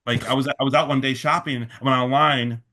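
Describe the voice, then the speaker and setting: Man, casual interview guest, mid-pitched voice, rambling, quotes people in his own voice. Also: steady tone, fairly quick, bright, forceful tone. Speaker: festival organizer, interview guest.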